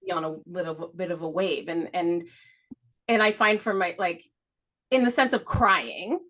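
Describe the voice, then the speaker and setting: A woman's voice: on the low side, fairly even intonation, normal speed, fairly bright tone. A middle-aged woman co-hosting a podcast, telling a story in a rambling way, laughing often and swearing casually. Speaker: podcast co-host. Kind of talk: casual chat.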